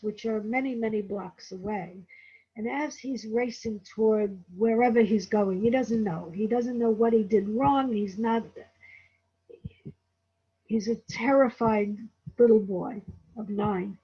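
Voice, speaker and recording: Husky-voiced woman reviewing a book. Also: medium pitch, lo-fi sound. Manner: conversational, digressive asides to the listener. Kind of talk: casual spoken book review.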